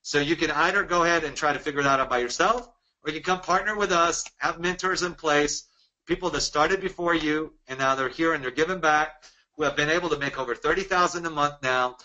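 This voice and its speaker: A man from Dallas presenting a sales webinar, energetic and persuasive, firing off rhetorical questions. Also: a little high, a little fast, muffled recording. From Dallas, Texas.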